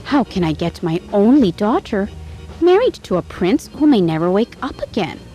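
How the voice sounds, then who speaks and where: A woman voicing a kind-hearted, worried old king who speaks gently to his daughter. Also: mid-range voice, big pitch swings, moderate pace, soft background music, lightly acted, poor audio. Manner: gentle and reluctant.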